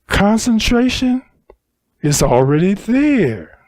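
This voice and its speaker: A man's voice: high-pitched, very animated, slow, darkish tone, no echo. A man giving a Buddhist dharma talk at a retreat center, teaching unhurriedly with emphatic repetition.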